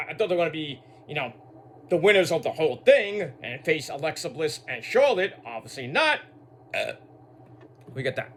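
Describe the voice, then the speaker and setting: A man recaps a wrestling show in a casual, rambling way, full of repeated words and asides. His voice is high and bright. His pitch jumps around a lot, and he curses without a second thought. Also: breathy edge. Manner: swears freely.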